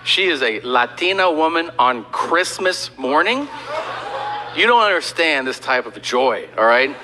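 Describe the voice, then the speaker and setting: Animated stand-up comedian man. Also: on the high side, unhurried. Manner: animated storytelling, acting out quotes. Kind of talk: stand-up storytelling.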